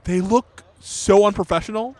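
A man co-hosting a casual chat, talking in a rambling, animated way, swearing and laughing loudly. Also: high-pitched, normal speed, no echo. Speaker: podcast co-host. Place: New York City.

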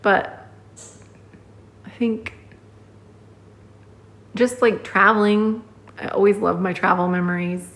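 A woman's voice: mid-range voice, steady tone, slow pace, long pauses, fairly bright tone. A young adult woman co-hosting a casual chat podcast, laughing often as she talks. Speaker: podcast co-host. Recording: roomy echo.

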